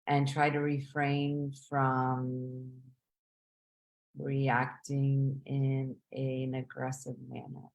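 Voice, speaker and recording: A woman hosting a live question and answer stream, giving reflective advice in a measured way, often pausing with "um" and asking "right?". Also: a bass voice, monotone.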